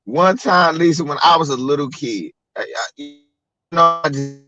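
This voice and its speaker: A man from Maryland telling stories in a casual livestream chat, animated and profane. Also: fairly high pitch, moderate pace, lo-fi sound, loud music behind the voice. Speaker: co-host.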